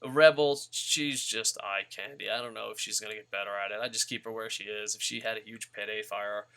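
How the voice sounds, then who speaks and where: A man's voice: on the low side, steady tone, fairly quick, a bit bright. A man ranting bluntly and profanely about wrestlers in a rambling vlog. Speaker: wrestling vlogger. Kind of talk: casual profane rant.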